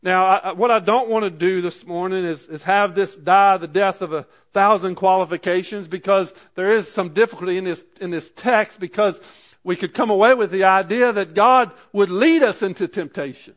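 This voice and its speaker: A man's voice: high-pitched, moderate pace, fairly bright tone. A pastor preaching a sermon, reading scripture aloud and then driving his points home with rising emphasis.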